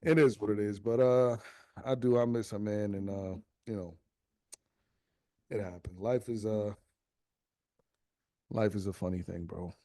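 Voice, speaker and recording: A man's voice: normal speed, long pauses, no echo, studio quality. A young adult man on a podcast telling a family story casually, swearing freely and acting out the voices of the people in it. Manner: animated storyteller, acts out quotes in high voices, swears freely. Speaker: podcast co-host.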